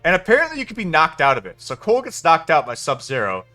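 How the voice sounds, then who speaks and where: A man's voice: a little high, wildly swooping pitch, quick pace, pushed and bright, faint music behind. A man giving a casual spoken film review, venting in an exasperated, profane way. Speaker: movie reviewer.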